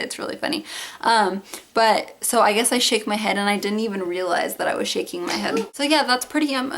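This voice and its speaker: A woman's voice: medium pitch, creaky, fairly bright tone. A young woman chatting casually through a baby update, talking to her viewers at home with lots of fillers. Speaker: mom vlogger.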